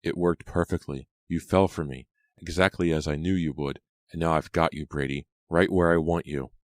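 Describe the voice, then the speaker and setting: A deep-voiced man reading a cruel vengeful ghost girl. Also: steady tone, moderate pace, dry recording. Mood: gloating. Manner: mocking, gloating. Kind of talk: audiobook character reading.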